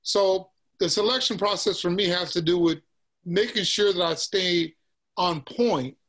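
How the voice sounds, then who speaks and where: A man from Texas with a Southern accent, a musician guest chatting casually in an interview, relaxed and peppering his talk with "man" and "you know.". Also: high-pitched, a little slow. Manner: laid-back, says "man" and "you know" often, laughs easily.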